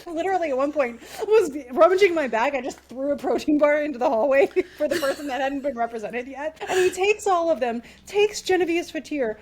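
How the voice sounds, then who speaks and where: A woman co-hosting a podcast, telling travel stories in a casual, animated way and acting out the people she quotes. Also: sits high. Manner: animated storyteller, acts out quoted voices. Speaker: podcast co-host. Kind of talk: casual travel storytelling chat.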